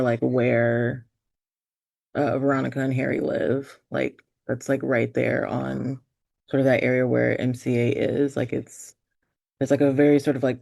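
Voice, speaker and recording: Rambling woman with a gravelly edge. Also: very deep voice, warm tone, no echo. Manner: rambling, filler-heavy, trailing off. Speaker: guest filmmaker. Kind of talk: casual podcast chat. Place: remote from the hosts, in New York.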